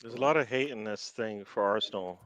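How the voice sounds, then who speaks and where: A man's voice: fairly low pitch, a little fast, a bit bright, no echo, muffled recording. A man on a fan show panel, protesting in a whiny way and playing the victim. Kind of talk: casual banter.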